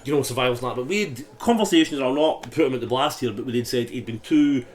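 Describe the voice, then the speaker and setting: A Scottish man co-hosting a podcast, casually telling animated stories in a busy pub, swearing and acting out what people said. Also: mid-range voice, quick pace. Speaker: podcast co-host. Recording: roomy pub with chatter behind.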